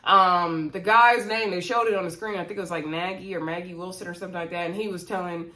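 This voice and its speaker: A woman's voice: on the low side, fairly even intonation, quick pace, pushed and bright. A woman giving a casual, opinionated recap of a reality show, chatty, with slangy asides to her viewers.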